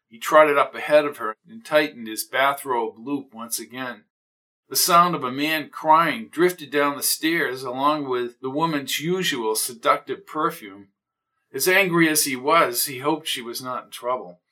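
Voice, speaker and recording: A man narrating a mystery audiobook in a measured, steady storytelling manner. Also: medium pitch.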